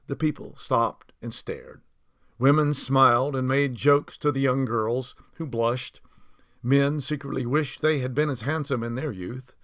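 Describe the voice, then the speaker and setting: A man narrating a novel aloud, reading unhurried with small slips and restarts. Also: mid-range voice, no room sound, clean studio sound. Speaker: audiobook narrator.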